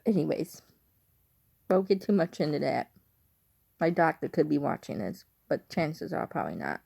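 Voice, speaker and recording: A woman's voice: sits low, sing-song, moderate pace, vocal fry, dark tone, breathy edge. A woman from Chicago with a speech impairment, chatting casually in a rambling, unsure way on her vlog. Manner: rambling, digressive, often unsure. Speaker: vlogger.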